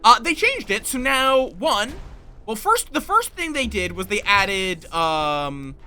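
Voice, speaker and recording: Faint music plays behind this streamer, whose high, bright, strained voice moves slowly with wide pitch swings. Over gameplay he wanders from topic to topic, teasing himself and talking with chat.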